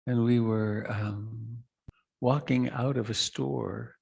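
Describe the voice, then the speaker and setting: A middle-aged man giving a reflective meditation talk, slow and soft, with long pauses and trailing lines. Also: mid-range voice, fairly even intonation, gravelly, breathy edge, lo-fi sound. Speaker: meditation teacher. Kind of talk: dharma talk.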